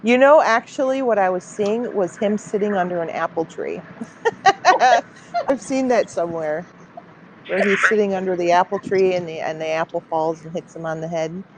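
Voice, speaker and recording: A woman's voice: on the low side, moderate pace, a crowd in the background, low-quality recording. A woman playing trivia on a live stream, hesitant and searching for words. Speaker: trivia player. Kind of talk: casual chat on a live stream.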